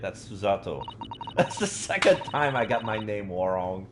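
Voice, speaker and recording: A male streamer with a fairly low voice commentates on a game live. His tone rises and falls a lot, and he rambles with lots of fillers and restarts. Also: very animated, measured pace, background noise.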